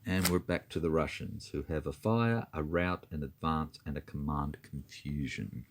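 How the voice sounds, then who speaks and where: A man's voice: very deep voice, moderate pace, slight background noise. A man talking through his moves in a tabletop wargame, methodically counting dice and spaces aloud. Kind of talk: talking through a board game turn.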